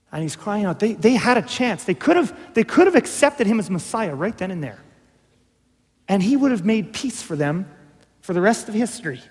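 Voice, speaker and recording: A man preaching a conversational sermon, moving between hushed and emphatic delivery. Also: sits high, sing-song, moderate pace. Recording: long hall reverb.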